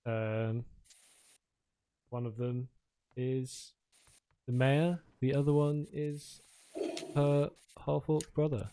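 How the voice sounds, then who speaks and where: A game master narrating a tabletop game scene in a halting, unhurried way. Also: mid-range voice, little pitch movement, warm tone, smooth, rough recording.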